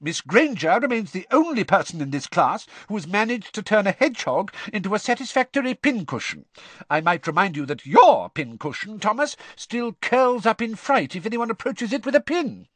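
A man voicing a strict older female professor in a stern, clipped lecturing manner, with a husky voice. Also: sits high, very animated, moderate pace, fairly bright tone, no echo, voice pushed up, heavily acted.

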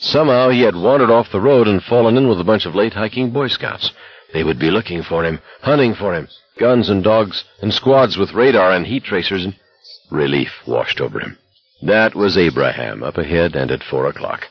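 A man narrates an audiobook in a measured, somber manner. His voice is very low and husky, and the dry recording sounds dull and lo-fi. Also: lively intonation, no echo, faint music behind. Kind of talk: scripted narration.

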